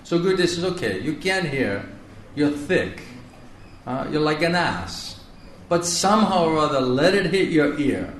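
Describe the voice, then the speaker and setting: A monk delivers a spiritual class, stretching his repeated words slowly for weight. His voice sits a little high for a man. It is recorded from a distance in a reverberant hall with a faint hum of ambience behind him. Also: lively intonation. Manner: earnest, drawn-out emphasis on repeated words. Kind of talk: sermon. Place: lecture hall in India. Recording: echoey room from far off, faint ambience.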